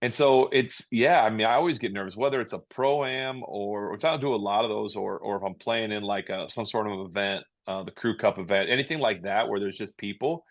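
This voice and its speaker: Male podcast guest, low voice, loose rambling talk, dull lo-fi sound. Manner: rambling, halting, many restarts and fillers. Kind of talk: casual interview chat.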